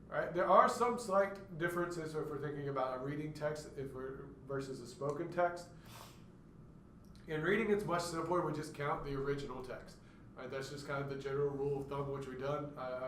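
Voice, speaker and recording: A man's mid-range voice carries a classroom lecture in which he explains step by step and demonstrates stuttered words by acting them out. Captured from a distance in an echoey room, the audio has a little hiss or hum.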